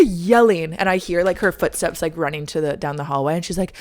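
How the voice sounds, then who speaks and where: A young woman hosting a podcast tells a story in a casual monologue, chatty and dramatic, leaning heavily on "like" and re-enacting lines. Her voice is lowish and darkish in tone, quick-paced with few pauses.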